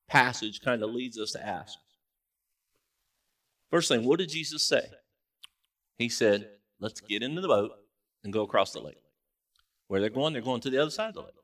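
A man preaching a sermon as pastor in a church, in a relaxed conversational way with joking asides. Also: mid-range voice. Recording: distant mic in a church.

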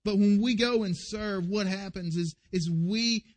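A man's voice: high-pitched, unhurried. A man preaching a sermon as pastor, earnest and emphatic.

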